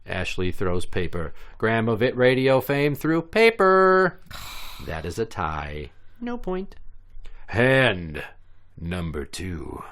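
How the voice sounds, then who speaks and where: A man hosting a comedy podcast, joking loudly and crudely, one moment booming like an announcer and the next mumbling. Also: wildly swooping pitch, takes it slowly. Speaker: podcast host.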